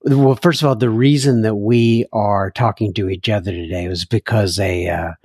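A man hosting a recovery podcast, speaking in a relaxed chat with many pauses and restarts. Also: fairly low pitch, breathy edge, dry recording, clean studio sound. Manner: halting, many fillers and restarts. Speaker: podcast host. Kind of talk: casual interview chat.

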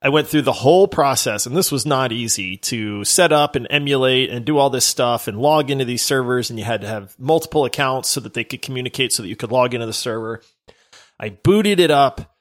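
A man co-hosting a casual gaming podcast, animated and quick to laugh, talking into a close mic at home. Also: mid-range voice. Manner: animated, laughing, does silly voices when reading. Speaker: podcast co-host. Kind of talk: casual chat.

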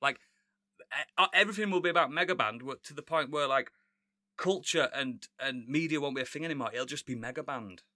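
Excitable man, bright dry voice. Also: medium pitch, a little fast, no room sound. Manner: excitable, rambling, laughs often. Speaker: podcast co-host. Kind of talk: casual chat.

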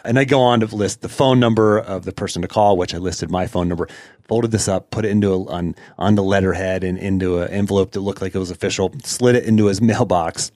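A podcast host tells a story in a casual monologue, chatty, full of fillers and laughing along the way. His low-pitched voice is darkish in tone and fast, recorded in studio quality with no echo.

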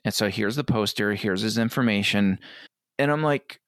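A middle-aged man talking earnestly as an interview guest, often quoting others in quick asides. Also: on the low side, fairly bright tone, no room sound, clean studio sound. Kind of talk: conversational interview.

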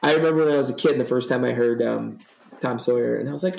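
Fast and creaky, a young man's mid-range voice rambles through profane, animated stories while co-hosting a casual podcast chat. The room is echoey, with slight background noise.

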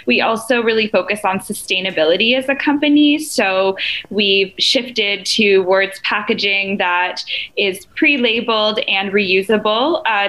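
A woman's voice: medium pitch, a bit bright, rough recording. A woman from Canada, a company co-founder, guesting on a podcast and explaining things earnestly. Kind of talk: casual podcast interview.

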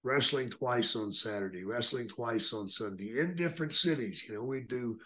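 A man with a relaxed drawl tells stories in a casual interview, chuckling as he goes. His voice sits at an ordinary pitch for a man, easy and unhurried. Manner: laid-back, drawling, laughs while telling stories. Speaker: guest, retired wrestler.

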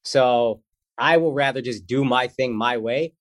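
A male comedian guest talks in an animated, joking and slangy way. His voice sits at a middle pitch. The sound is close and dry, with no room around it. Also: a little slow, no room sound. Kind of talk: casual interview chat.

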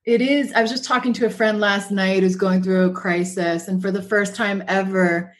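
A woman guest author talking thoughtfully in a podcast conversation, often pausing to find her words. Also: mid-range voice, steady tone. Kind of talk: reflective conversation.

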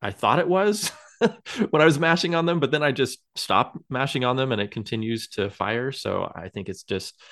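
A man's voice: mid-range voice, lively intonation, normal speed, fairly bright tone. A man co-hosting a podcast, chatting casually and rambling with many fillers and small laughs. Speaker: podcast co-host. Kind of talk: casual chat.

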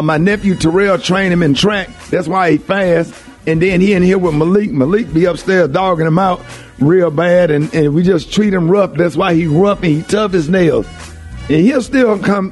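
An older man, hosting a morning radio show and delivering an impassioned monologue with a lot of emphatic repetition. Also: high voice. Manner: emphatic and preachy, repeats phrases for emphasis.

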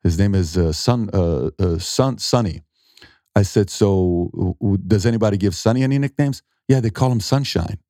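A middle-aged man, an entrepreneur, telling animated stories in a conversational interview and acting out what people said. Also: low-pitched, normal speed, no room sound, clean studio sound. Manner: animated storyteller acting out quotes, emphatic.

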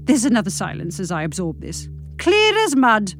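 A British woman reading a comic novel aloud in a wry, brisk, expressive way, with deadpan asides. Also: medium pitch, over music.

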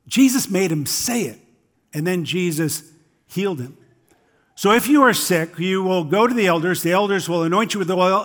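A man's voice: high-pitched, a bit bright. A male pastor giving a conversational sermon, stepping into quoted voices when telling stories.

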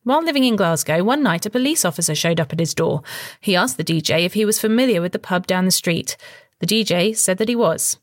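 A woman's voice: fairly low pitch, lively intonation, quick pace, no echo, clean studio sound. Woman reading a listener letter.

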